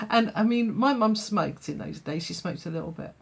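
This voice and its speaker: A woman's voice: mid-range voice, lively intonation, normal speed, gravelly, slightly rough. Chatty woman telling a story. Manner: chatty, laughs often, many fillers. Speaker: vlogger. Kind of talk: storytime vlog.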